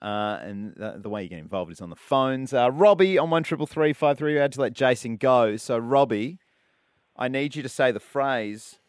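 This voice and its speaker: A man hosting a radio show in casual banter, chatty and quick to laugh, on a studio microphone. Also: mid-range voice, clean tone, no echo. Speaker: radio host.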